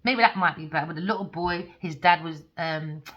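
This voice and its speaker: A woman's voice: sits low, a little fast, highs cut off, a little hiss or hum. A tarot reader woman ranting in a heated, casual, profane way.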